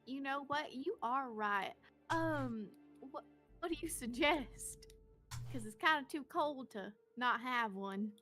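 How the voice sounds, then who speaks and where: A woman's voice: sits high, lively intonation, slow, bright, forceful tone, soft background music. A woman playing a tabletop game, talking to the game master in an eager, chatty way. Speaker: player. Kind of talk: casual tabletop chat.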